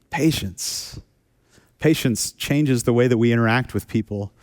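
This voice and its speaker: In a church sanctuary, a pastor with a mid-range, darkish voice preaches a sermon. He speaks casually, pokes fun at himself, and repeats phrases for emphasis.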